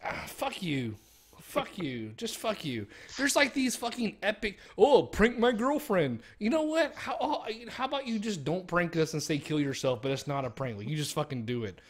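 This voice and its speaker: A man's voice: sits high, sing-song, moderate pace, fairly bright tone. A young man ranting profanely in casual chat on a stream, mocking others with exaggerated voices. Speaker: streamer co-host.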